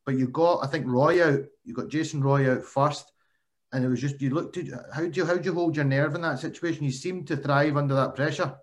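A man's voice: fairly high pitch, steady tone, a little fast. A man hosting a casual interview, friendly and chatty. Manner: friendly, calls the guest mate. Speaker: podcast host.

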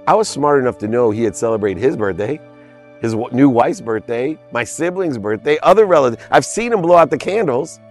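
A man's voice: medium pitch, lively intonation, a little fast, faint music behind. A man in his fifties, a podcast guest, telling a personal story in an emphatic, heartfelt way. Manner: emphatic, heartfelt storyteller who stresses key words. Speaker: interview guest.

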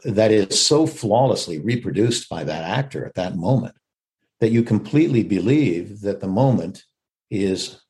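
An older man with a gravelly, creaky voice explains acting as a craft. He talks reflectively and emphatically, his pitch rising and falling widely as he acts out lines from scenes. It is a casual conversational interview. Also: warm tone. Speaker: actor and interview guest.

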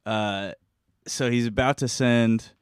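A man's voice: mid-range voice, fairly even intonation, slow pace, clear, resonant tone, no room sound, clean studio sound. A man co-hosting a film podcast, retelling scenes and acting out quotes in casual chat. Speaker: podcast co-host.

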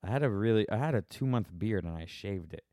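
A somewhat low-pitched American man talks casually on his own podcast, wandering from thought to thought and often cutting himself off mid-sentence. His tone is wry and offhand. The sound is close and dry, with no room around it. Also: expressive, quick pace, dark tone, dry recording. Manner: rambling, self-interrupting, wry. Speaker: podcast host answering questions. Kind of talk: casual solo podcast chat.

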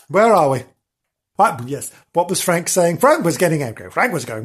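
Husky, melodramatic rambling storyteller man. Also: a little high, big pitch swings, moderate pace. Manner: melodramatic, rambling, self-pitying. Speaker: storyteller host. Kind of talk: comic children's story reading.

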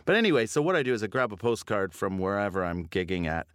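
A man's voice: lowish voice, big pitch swings, fast talker, clean tone, no echo, studio quality. A middle-aged Canadian man, a comedian chatting casually, rambling with restarts and mocking himself. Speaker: comedian guest. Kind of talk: casual chat.

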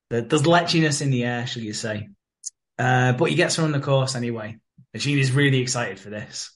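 A man's voice: mid-range voice, brisk. A man co-hosting a podcast, casually recapping a soap episode, swearing and acting out the characters' lines. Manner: laughs often, swears, acts out the characters' lines. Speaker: podcast co-host.

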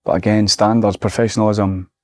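A Scottish man in his forties, a guest telling lively anecdotes in a casual podcast chat. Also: fairly low pitch, a little fast, no room sound. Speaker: guest, former footballer and manager.

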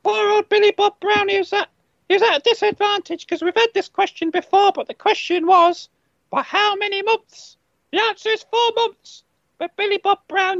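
Crude teasing podcast co-host, woman, gravelly, dull dry recording. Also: very high voice, steady tone, normal speed, fairly bright tone, dry recording. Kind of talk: casual comedy chat.

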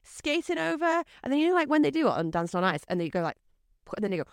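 A woman's voice: high-pitched, very animated, racing, no echo, studio quality. A woman, a guest on her husband's podcast, telling stories in casual chat full of fillers. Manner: rambling, filler-heavy storytelling. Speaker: podcast guest, host's wife. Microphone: studio microphone.

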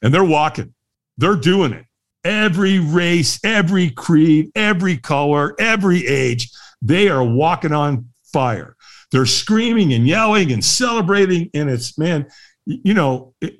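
A middle-aged man, a guest on a podcast, telling a story in a lively way and laughing often. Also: on the high side, moderate pace. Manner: lively, laughs often, acts out the voices of others. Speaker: guest, firewalk instructor. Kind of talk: animated storytelling in a podcast interview.

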